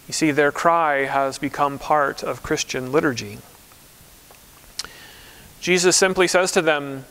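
Smooth-voiced man preaching a sermon. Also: fairly high pitch, measured pace, a bit bright. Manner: conversational storytelling. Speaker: pastor. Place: church.

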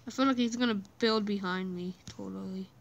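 A woman giving casual gameplay commentary, excitable and playful, humming little tunes as she plays. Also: mid-range voice, fairly quick, creaky, highs cut off, slight background noise. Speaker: gamer.

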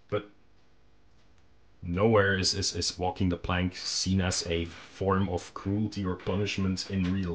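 A man hosting a hobby channel, explaining in a relaxed, casual monologue with frequent ums and restarts. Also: lowish voice. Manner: relaxed, conversational. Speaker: miniature painting channel host.

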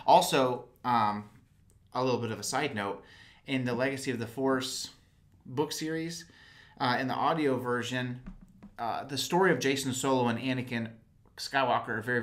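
A man's voice: mid-range voice, a bit bright. A man co-hosting a casual fan podcast, talking animatedly and acting out quotes in raised voices. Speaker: podcast co-host.

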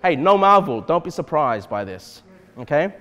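Male pastor, expressive preaching, wide-ranging pitch, reverberant church sound. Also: moderate pace. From Australia. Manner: animated, repeatedly checks in with "okay?". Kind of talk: expository sermon.

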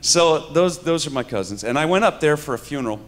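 This fifty-something New Yorker has a fairly high, expressive voice and talks fairly quickly. Before a live audience in a church hall, he preaches a conversational sermon full of humor and stories, addressing the listeners directly.

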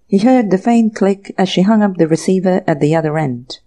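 A woman narrating an audiobook mystery story in an even, measured storytelling manner. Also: medium pitch. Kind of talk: scripted narration.

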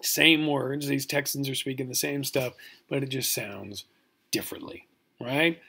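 Gravelly Californian man lecturing with mock outrage. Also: mid-range voice, fairly even intonation, unhurried, sharp tone. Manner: joking, mock-outraged, keeps asking "right?". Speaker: college lecturer. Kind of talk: recorded lecture.

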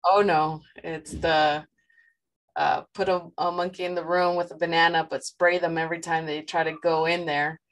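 A woman student in a class discussion, telling an anecdote in a casual, soft-spoken way. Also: sits low, flat delivery, moderate pace, poor audio.

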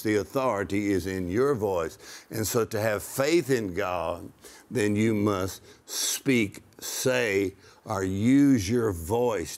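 A man preaching in a conversational way, emphatic, slowing down to quote scripture and laughing now and then. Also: on the low side.

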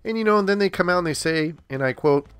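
A man's voice: sits high, lively intonation, fast, smooth, no room sound, faint music behind. A man hosting a podcast, talking bluntly and heatedly straight to his listeners in a casual monologue. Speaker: podcast host.

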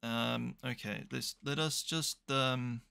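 A man's voice: medium pitch, steady tone, slow pace, gravelly, pushed and bright, clean tone. A young man commentating a management game, chatty and thinking aloud with dry, self-mocking asides. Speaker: gaming YouTuber. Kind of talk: casual let's play commentary.

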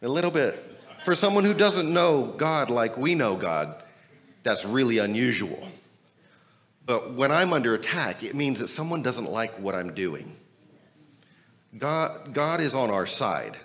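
A man preaching as a pastor, energetic and emphatic, asking rhetorical questions while he is losing his voice. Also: medium pitch, unhurried. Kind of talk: sermon and church announcements. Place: church building, temporary meeting room.

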